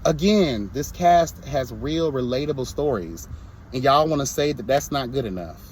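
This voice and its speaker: A man's voice: medium pitch, expressive, moderate pace, darkish tone, slight background noise. A young man reviewing a reality show in a casual vlog, sassy and blunt, breaking into mocking impressions.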